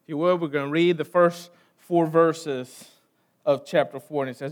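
High-voiced American pastor preaching. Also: male voice, fairly even intonation, moderate pace. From United States. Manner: dramatic shifts between loud emphasis and quiet trailing endings; conversational, asks the congregation questions. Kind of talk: sermon.

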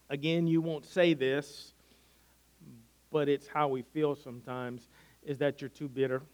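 Preaching in an earnest, conversational style, a male pastor often restarts his phrases. His fairly high voice is clear and resonant.

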